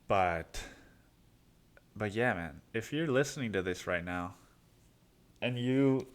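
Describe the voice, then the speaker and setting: A man's voice: on the low side, expressive, takes it slowly. A man from Mexico hosting a solo podcast, rambling casually, swearing a lot and calling the listener dude. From Cancun, Mexico. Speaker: podcast host.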